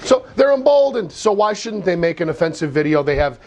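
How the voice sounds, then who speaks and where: A man speaking as a guest on a political panel, quick and pointed. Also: sits high, very animated, a little mellow.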